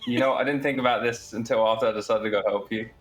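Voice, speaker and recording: A man's voice: mid-range voice, steady tone, quick pace, soft background music. A man playing a tabletop game, laying out his turn in a laid-back, mumbling way. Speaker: player.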